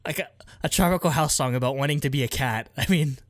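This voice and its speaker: A man's voice: fairly high pitch, quick pace, no echo, clean studio sound. A man co-hosting a podcast, chatting casually with lots of "like" and laughs. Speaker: podcast co-host. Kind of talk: casual chat.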